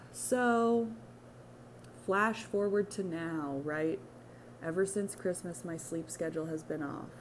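A woman's voice: on the low side, takes it slowly, long pauses, a little hiss or hum. A young adult woman from the United States hosting her own podcast, talking candidly in a rambling, profane, self-mocking way. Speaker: podcast host. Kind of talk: casual solo podcast monologue.

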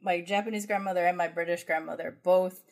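Low-voiced woman chatting with restarts. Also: fairly even intonation, fast talker, vocal fry, a little mellow. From United States. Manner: rambling, full of restarts and fillers. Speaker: podcast co-host. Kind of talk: casual chat.

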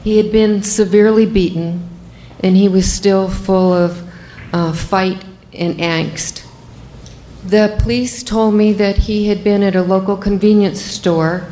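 An older woman, a physician, telling a first-person story in a measured, matter-of-fact way. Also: medium pitch, fairly even intonation, warm tone, reverberant, rough recording.

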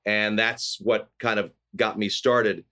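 A middle-aged man from California, a guest actor telling animated stories in casual conversation, often acting out quoted voices. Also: on the low side, slow pace. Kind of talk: casual storytelling.

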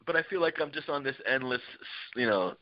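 Lively, laughing man rambling in chat. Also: medium pitch, a little fast, dry recording, highs cut off. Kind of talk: casual chat.

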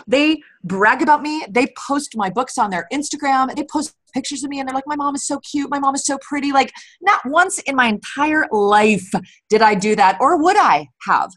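A woman in her forties, an author guest in a casual interview, telling candid stories with lots of restarts. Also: high-pitched. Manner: candid, animated storyteller with frequent restarts.

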